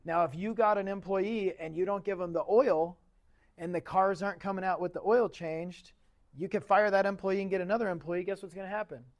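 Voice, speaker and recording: Brief: male shop-class instructor, higher-pitched voice, loose and conversational, quizzes the room. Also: steady tone, a little fast. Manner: chatty, asks the class questions. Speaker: automotive instructor. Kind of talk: casual classroom lecture.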